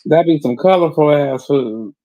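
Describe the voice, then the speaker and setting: A man chatting casually on a livestream, making wry, sarcastic jokes in a drawn-out delivery. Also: fairly high pitch, mellow, dull audio. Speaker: stream co-host. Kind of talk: casual gossip chat.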